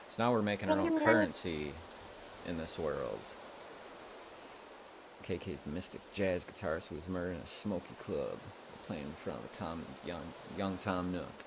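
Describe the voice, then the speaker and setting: A man's voice: sits low, lively intonation, moderate pace, very noisy. A man streaming a video game, chatting casually with rambling asides as he plays. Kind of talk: casual gameplay commentary.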